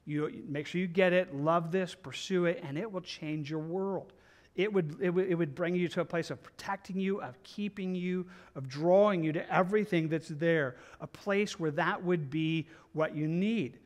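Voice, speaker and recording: A man's voice: on the high side, normal speed. A man preaching a verse-by-verse Bible study, earnest and conversational, repeating himself often. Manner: earnest, repetitive, conversational with many restarts. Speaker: pastor.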